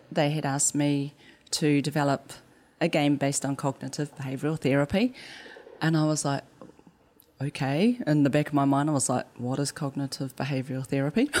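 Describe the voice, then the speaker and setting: A woman's voice: deep voice, darkish tone. A woman from New Zealand with a New Zealand accent, a game developer telling stories in an interview, acting out quotes and laughing easily. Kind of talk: conversational interview.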